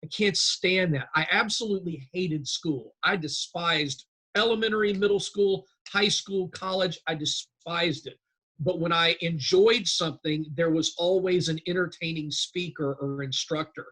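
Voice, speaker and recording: A man in his fifties with a bright, forceful voice pitched a little high. He chats and tells stories as a guest in an interview, animated and talkative. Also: normal speed. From North Carolina, US. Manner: lively storyteller, animated and chatty. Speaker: guest, real estate instructor. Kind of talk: casual interview storytelling.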